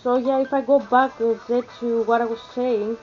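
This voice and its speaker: With faint music behind her and dull audio, a young woman from Greece with an Athenian Greek accent vlogs in a fairly high, steady voice at a moderate pace. Her casual chat rambles, with lots of fillers and restarts.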